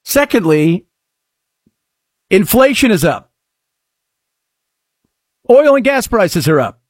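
Sarcastic, animated talk radio host man. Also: sits high, takes it slowly, dry recording, clean studio sound. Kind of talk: opinion talk radio monologue.

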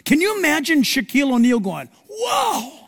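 A man's voice: high voice, a little slow, long reverb tail. A male pastor preaching a sermon, telling stories dramatically and acting out the quotes. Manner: animated, dramatic storytelling with acted-out quotes.

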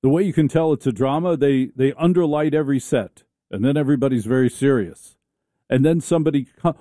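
A man's voice: mid-range voice, a little fast, warm tone, dry recording, clean studio sound. A man hosting a talk radio show, riffing in a sarcastic, theatrical comic monologue.

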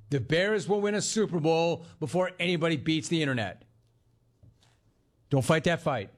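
A man's voice: on the high side, animated, moderate pace, long pauses. A man hosting a sports talk radio show, delivering an emphatic monologue that repeats lines for effect and talks bluntly to the listener. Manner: addresses listener directly and bluntly.

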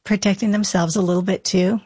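A woman speaks in an earnest, reflective way as an interview guest giving personal testimony. Her voice sits at an ordinary pitch and sounds dry and close, with little room around it. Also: fairly even intonation, fairly quick, a little mellow, slightly rough, dry recording.

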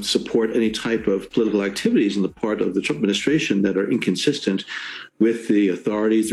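A man giving formal political commentary as a guest, speaking in a measured, deliberate way with bureaucratic phrasing. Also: fairly low pitch, darkish tone, rough recording.

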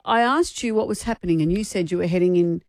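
A woman's voice: on the low side, fast, darkish tone, no room sound. A woman co-hosting a radio show, teasing her co-host with dry questions. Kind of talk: casual chat.

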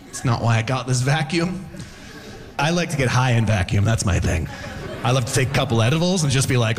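A man performing a stand-up comedy set, animated and acting out loud shouted voices. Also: medium pitch, fairly quick, big-room sound. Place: comedy stage with live audience.

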